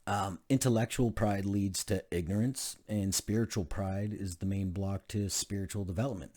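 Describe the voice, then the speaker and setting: A man's voice: lowish voice, steady tone, moderate pace, dark tone. A man reading aloud from a book, with casual asides and frequent fillers. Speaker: channel host reading a self-help book.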